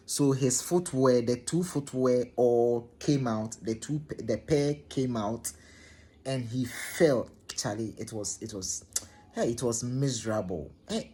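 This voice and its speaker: A man's voice: mid-range voice, a little mellow, slightly rough. A man chatting to viewers as he tells a story, repeating himself and checking in with his listeners. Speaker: storytelling vlogger. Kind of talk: casual spoken storytelling to camera.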